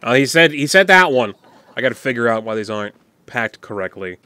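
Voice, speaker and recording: A man's voice: medium pitch, very animated, fairly quick, pushed and bright. A man casually walking through a game map he built, rambling and thinking aloud with frequent fillers.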